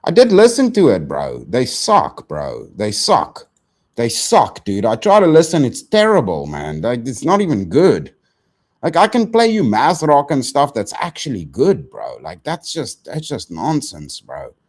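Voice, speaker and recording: A man's voice: medium pitch, wildly swooping pitch, unhurried. A young man ranting on a live stream, profane and exasperated, saying bro and dude constantly.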